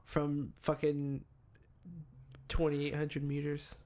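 A young American man co-hosting a podcast, his voice sitting a little higher than most men's. He teases his partner in casual chat, swearing and cutting in often. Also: completely flat delivery, slow pace, a little mellow. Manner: teasing, profane, interjecting. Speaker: podcast co-host.

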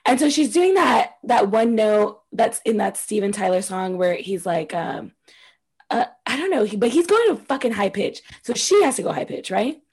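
A woman's voice: mid-range voice, very animated, moderate pace, darkish tone, slightly rough. A young woman co-hosting a podcast in casual chat, chatty and laughing often, swearing freely. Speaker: podcast co-host.

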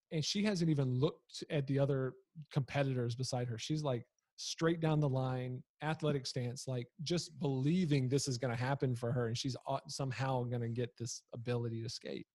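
A man in his thirties recounts a family story with a husky voice. He talks loosely and conversationally, with fillers and self-corrections, and finds the humor in it. The sound is dry and close. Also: mid-range voice, darkish tone, no echo. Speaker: storyteller, father. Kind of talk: casual personal storytelling.

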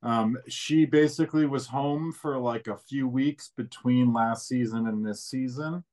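A man's voice: medium pitch, unhurried, a little mellow. A man co-hosting a casual podcast, chatty and filling his talk with "like". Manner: chatty, uses lots of "like". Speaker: podcast co-host.

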